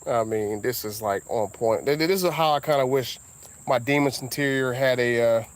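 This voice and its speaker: Southern US man, mid-pitched, relaxed car-vlog chatter with bursts of excitement. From Southern United States. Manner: laid-back, drawn-out talk with sudden high exclamations. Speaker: car vlogger. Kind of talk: casual rambling monologue.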